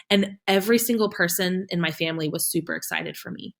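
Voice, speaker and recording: A woman in her thirties, a podcast guest, telling her story in a casual, animated way, laughing often and acting out the dialogue. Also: on the low side, quick pace, gravelly. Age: 30s.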